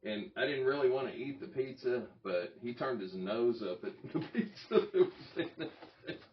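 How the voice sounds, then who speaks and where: A man's voice: medium pitch, lively intonation, moderate pace. A man hosting his own channel, telling a story in a rambling, self-interrupting way with chuckles. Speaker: YouTube channel host. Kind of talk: casual talking-head vlog. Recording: roomy, distant, dull lo-fi sound.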